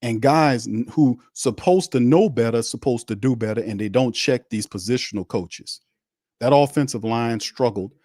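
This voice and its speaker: A man's voice: mid-range voice, moderate pace, a little mellow, no room sound, clean studio sound. A man hosting a sports show, delivering a heated, blunt rant on a live watch stream, repeating his points and mocking the other side. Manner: fiery, blunt and repetitive, with mocking asides.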